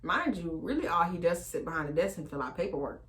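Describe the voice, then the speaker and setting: A woman casually telling a long personal story, animated and slangy, with lots of fillers, acting out the other voices. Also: fast. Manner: animated, acts out quoted voices with big pitch jumps. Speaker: storytime vlogger.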